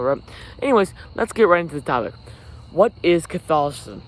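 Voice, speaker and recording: Recording himself on camera beside a forest, a podcast host rambles and corrects himself in a casual solo show. He talks fast with a fairly high pitch and big swings in intonation, while insects and crickets chirp behind him.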